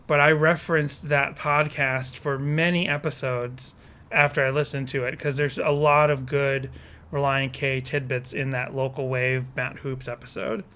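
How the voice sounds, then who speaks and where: Sitting on a porch, a man co-hosting a casual podcast rambles, jokes, and corrects himself as he talks. His voice is medium-pitched and sharp in tone, delivered flatly at a normal speed.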